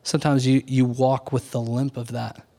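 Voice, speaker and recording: Man preaching a slow, earnest sermon. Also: mid-range voice, flat delivery, warm tone. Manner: earnest, measured preaching with slow deliberate emphasis. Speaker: pastor.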